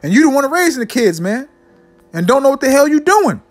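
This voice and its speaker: A man preaching a fiery sermon, ending nearly every line with "man" and slowing down to read scripture solemnly. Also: very high-pitched, sing-song, soft background music. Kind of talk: fiery street-style sermon with scripture readings.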